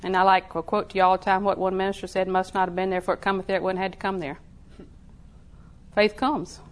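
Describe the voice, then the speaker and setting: A woman preaching a sermon in a folksy way, laughing often and repeating phrases softly. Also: medium pitch, flat delivery, fast.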